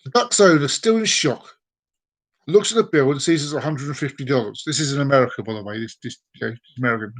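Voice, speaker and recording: A man's voice: medium pitch, quick pace. A man hosting a live stream, telling jokes with chatty asides and laughing along. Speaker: host. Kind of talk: joke telling.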